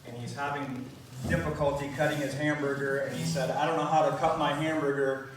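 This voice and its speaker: A man's voice: fairly high pitch, little pitch movement, a little hiss or hum. Man giving a eulogy in an echoey room. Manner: reminiscing, halting with fillers. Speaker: eulogy speaker. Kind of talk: memorial speech. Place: large room at a gathering. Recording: distant mic in echoey room.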